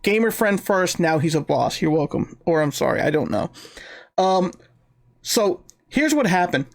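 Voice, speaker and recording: A man co-hosting a casual gaming podcast, telling a prank-call story in an animated, profane way and acting out both sides of the conversation. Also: high-pitched, moderate pace, gravelly. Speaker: podcast co-host.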